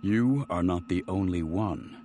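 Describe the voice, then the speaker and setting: A man voicing a stern male Jedi master who speaks evenly, low and measured. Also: mellow, a little hiss or hum.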